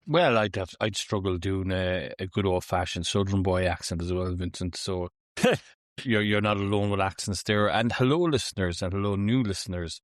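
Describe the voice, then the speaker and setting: An Irish man with a very deep voice co-hosts a podcast, chatting in a laid-back, colloquial way full of jokes. The sound is close and dry. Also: moderate pace, no room sound. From Ireland. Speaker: podcast co-host. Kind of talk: casual podcast chat.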